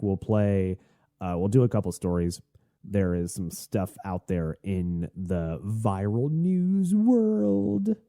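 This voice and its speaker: A man hosting a solo podcast, talking in a rambling, chatty and excitable way. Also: low voice, no room sound, clean studio sound. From Tennessee. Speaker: podcast host.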